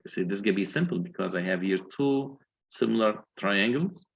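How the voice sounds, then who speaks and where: Gravelly-voiced lecturer walking through calculations. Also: male voice, lowish voice, normal speed, poor audio. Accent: Egyptian. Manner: explains step by step, asks checking questions. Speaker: engineering lecturer. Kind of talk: university lecture.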